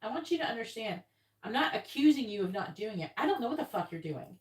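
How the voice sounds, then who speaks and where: A woman's voice: on the high side, very animated, quick pace. Blunt casual woman tarot reader. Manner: blunt, casual, swears, acts out quoted voices. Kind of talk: live-stream tarot reading.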